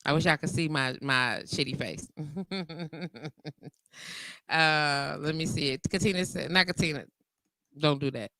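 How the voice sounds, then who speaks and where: A woman's voice: low voice, measured pace, long pauses, no echo. A woman, hosting a casual live call-in show and talking candidly, with frequent laughter. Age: 40s. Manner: candid, animated, laughs often, reads comments aloud. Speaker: internet radio talk show host.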